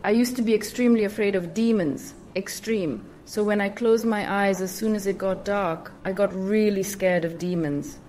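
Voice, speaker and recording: A woman's voice: mid-range voice, moderate pace, hardly any pauses, mellow. A woman hosting a spiritual channel, explaining things in a casual monologue with emphatic repetition and awkward phrasing.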